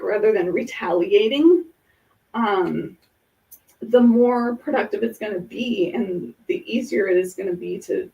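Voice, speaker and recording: A woman's voice: mid-range voice, a little mellow. Earnest woman podcast host, slightly distant. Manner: earnest, explanatory, talks through examples. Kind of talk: casual podcast chat.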